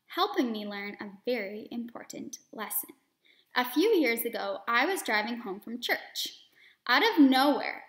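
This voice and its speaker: A woman reading a children's story aloud expressively, pausing to explain words and lessons to young listeners. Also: a little high, sharp tone, echoey room.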